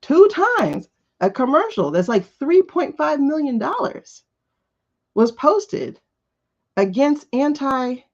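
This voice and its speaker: A woman hosting a live tarot stream talks bluntly and with profanity, hammering home her points with repeated rhetorical questions. Her voice sits a little high, with a gravelly edge and wide swings in pitch. The audio is dull and lo-fi. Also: very animated, takes it slowly, a little mellow. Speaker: host of a live tarot show. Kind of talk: casual opinionated talk on a livestream.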